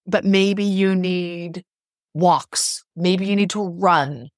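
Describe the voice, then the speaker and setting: A woman's voice: lowish voice, slow pace, dry recording, clean studio sound. A middle-aged woman psychotherapist speaking as a guest in a podcast interview, earnest and emphatic, repeating phrases to drive her point home.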